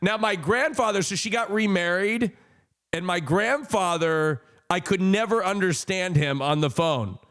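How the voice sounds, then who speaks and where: A man's voice: high voice, measured pace, fairly bright tone, clean tone. A man in his thirties telling a personal story on a stream. He rambles with many fillers, laughs and swears. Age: 30s.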